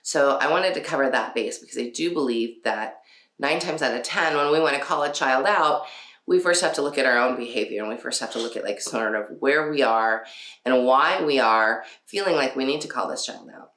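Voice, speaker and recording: A woman's voice: a bass voice, animated, brisk, fairly bright tone. A woman hosting a casual parenting talk, chatty, with frequent laughs and many fillers. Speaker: podcast host. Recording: roomy echo.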